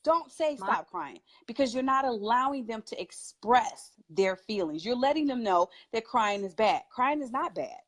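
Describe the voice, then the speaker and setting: A woman's voice: a little high, lively intonation, normal speed, hardly any pauses. A woman who is a parent, a guest on a talk show, giving advice in an emphatic way and laughing often. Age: adult parent. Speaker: guest speaker.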